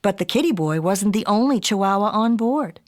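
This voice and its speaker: A woman author reading her own picture book aloud to children in a playful, expressive way. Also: medium pitch, normal speed. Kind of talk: storybook read-aloud.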